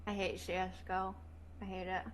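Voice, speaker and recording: A woman's voice: fairly low pitch, monotone, moderate pace, slight background noise. A woman chatting casually as a stream guest, blunt and teasing.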